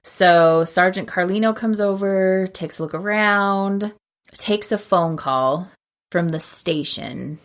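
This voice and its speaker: A woman's voice: mid-range voice, slow. A woman co-hosting a podcast, chattily retelling a film's plot and acting out the characters' lines. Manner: chatty, frequent "like" and laughter. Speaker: podcast co-host. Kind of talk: casual film recap chat.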